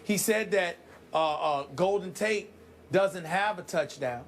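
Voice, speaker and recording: A man co-hosting a heated sports debate show, talking with emphatic, drawn-out dramatic delivery. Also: sits high, slight background noise.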